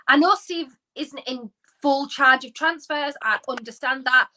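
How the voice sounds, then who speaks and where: Woman co-host, bright voice, casual opinionated football chat. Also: high voice, rough recording. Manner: animated, opinionated, quick asides. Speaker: podcast co-host.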